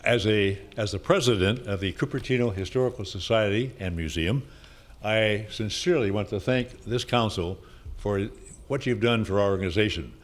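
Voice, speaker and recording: An older man giving an earnest, measured public comment in a community hall. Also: lowish voice. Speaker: historical society president.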